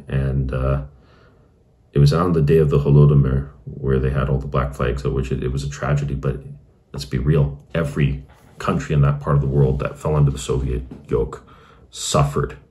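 Very deep-voiced man telling his story. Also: dark tone. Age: adult, married. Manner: earnest, reflective, many fillers and restarts. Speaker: channel host telling his conversion story. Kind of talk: casual personal testimony.

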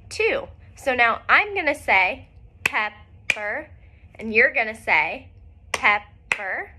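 Slow, bright-voiced woman teacher. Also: on the high side. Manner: slow, clear, encouraging teacher talk with frequent praise. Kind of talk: recorded phonics lesson for young children.

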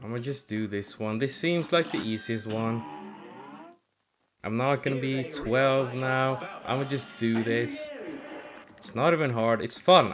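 A young man commenting on his own gameplay, cursing a lot and swinging between angry yelling and low muttering. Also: animated, unhurried, slight background noise. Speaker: gaming channel host.

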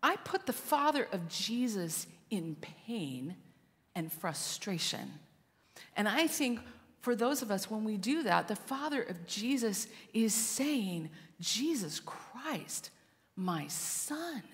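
Woman pastor preaching with dramatic hushes. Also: mid-range voice, expressive, slow, in a large hall. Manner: dramatic, shifts between loud and hushed. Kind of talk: sermon storytelling. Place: church sanctuary.

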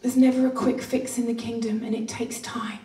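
A woman preaching a passionate sermon, with playful laughs and hushed asides. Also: fairly high pitch, little pitch movement, moderate pace. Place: church hall. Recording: roomy church hall, distant mic.

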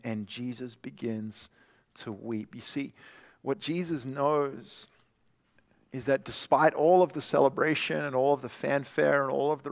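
A male pastor preaching a sermon in a conversational way, stumbling and restarting, then dropping soft and quiet for scripture. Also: medium pitch, creaky. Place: church sanctuary. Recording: long church hall reverb.

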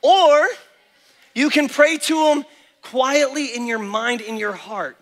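A man speaking at a kids camp, preaching to children in an animated, energetic way and acting out little prayers. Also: extremely high pitch, takes it slowly. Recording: echoey hall with faint music.

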